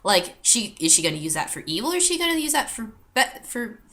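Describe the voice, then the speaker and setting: A woman's voice: medium pitch, very animated, fast, pushed and bright. A young woman ranting in a vlog, exasperated and full of fillers and swearing. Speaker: vlogger. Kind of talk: movie rant vlog.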